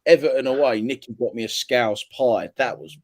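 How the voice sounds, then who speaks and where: A man's voice: mid-range voice, lively intonation, moderate pace. A man from England chatting casually about football, rambling with lots of fillers and casual swearing. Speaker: podcast co-host.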